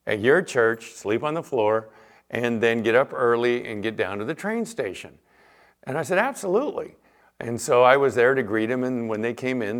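A middle-aged man preaching a sermon as pastor, telling stories with lively acted-out quotes. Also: mid-range voice. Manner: animated storytelling with acted-out quotes.

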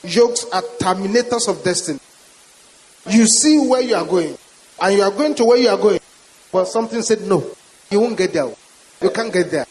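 High-voiced Nigerian pastor preaching in a hall. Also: male voice, animated, normal speed, long pauses, darkish tone. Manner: emphatic, repetitive declarations. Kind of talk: sermon. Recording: reverberant hall with faint hiss.

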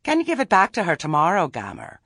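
A blunt, homely old witch with a dry sense of humor, voiced by a male narrator. Her voice sits a little above his usual one, husky, and lively in its rises and falls. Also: lowish voice, fast, no echo, pitched above the performer's own voice, exaggerated voice. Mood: brisk. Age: older. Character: shrewd, earthy old village witch woman.

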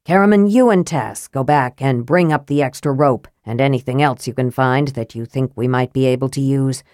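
A woman voicing a calculating young male wizard in an audiobook reading, speaking flatly and precisely. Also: a bass voice, no room sound, clean studio sound, pitched below the performer's own voice. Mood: cool. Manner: flat, measured, precise.

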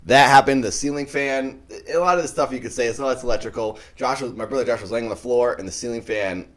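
A man's voice: mid-range voice, fast talker, a bit bright. A man hosting a casual chat, telling rambling ghost stories with many restarts. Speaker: podcast host.

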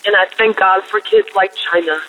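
A middle-aged man leaving an emotional voicemail prayer for a podcast community, fervent, with his voice swinging high and low. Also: normal speed, pushed and bright, low-quality recording. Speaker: caller.

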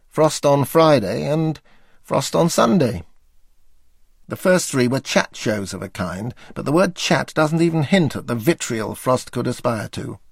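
Older man, memoir reading, dry wry delivery, gravelly voice, dead-dry recording. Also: medium pitch, no echo. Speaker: memoir narrator.

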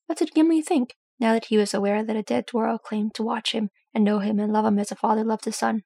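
A woman reading fan fiction aloud, with steady storytelling. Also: fairly high pitch, a little fast, creaky, hardly any pauses, breathy edge, no room sound. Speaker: audiobook reader.

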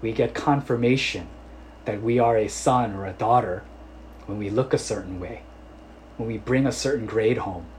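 A man of ordinary pitch preaches in a casual, conversational way, leaning on small fillers as he tells his story. He grows quiet and earnest when he urges his listeners, with a faint ambient noise beneath him. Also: poor audio. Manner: conversational, full of "you know" fillers. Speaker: pastor. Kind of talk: sermon with personal story.

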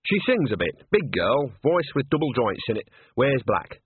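A man voicing a shrewd, bossy old woman who talks in a brisk, coaxing, no-nonsense way. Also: medium pitch, big pitch swings, husky. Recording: tinny phone-like sound.

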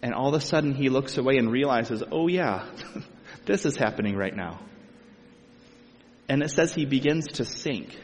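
A man's voice: mid-range voice, moderate pace, long pauses, a little hiss or hum. A man preaching a sermon, reading scripture aloud and explaining it in a conversational way with casual asides. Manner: conversational, asides and speculation with light laughs. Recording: long hall reverb.

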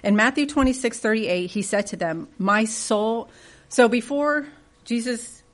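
A woman with a mid-range voice leads a church Bible study conversationally. She asks the group questions and reads scripture aloud with rising emphasis.

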